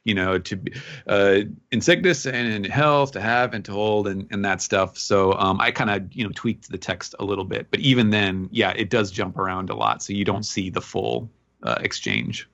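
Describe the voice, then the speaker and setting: A man in casual podcast chat, speaking haltingly with many fillers, heard over a dull lo-fi line. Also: low-pitched, vocal fry, fairly bright tone.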